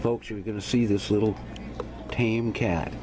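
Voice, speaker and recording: A man hosting a casual home video, chatting to viewers as folks and talking softly to his cat, filmed on a camera held by his wife. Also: on the low side, steady tone, measured pace, music in the background. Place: at home, partly in sunlight.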